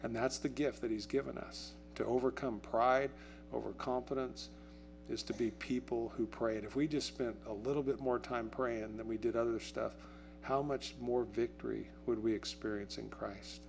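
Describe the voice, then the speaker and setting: A pastor speaking casually and directly to his congregation, often stopping to ask them questions. His voice sits at an ordinary middle pitch for a man. A guitar plays quietly behind him. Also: normal speed, gravelly. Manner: conversational, asks the congregation questions; acts out quotes in a raised, excited voice. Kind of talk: sermon. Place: church.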